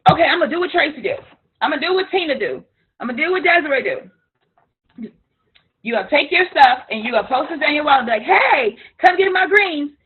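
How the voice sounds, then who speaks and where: A woman business coach, leading a live coaching session in a frank, animated way. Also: sits high, husky. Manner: animated, frank, imitates others playfully. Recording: tinny phone-like line.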